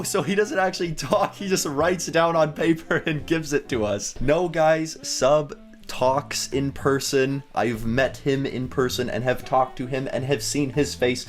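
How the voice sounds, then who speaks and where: A man's voice: medium pitch, animated, moderate pace, faint music behind. Chatty man reading fan fiction. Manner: chatty, giggly, playful asides. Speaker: YouTuber.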